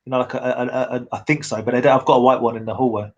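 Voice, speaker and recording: A man's voice: mid-range voice, fairly even intonation, rapid-fire, darkish tone, highs cut off. A man chatting about toys, joking and repeating words as he talks. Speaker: toy stream co-host. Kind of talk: casual chat.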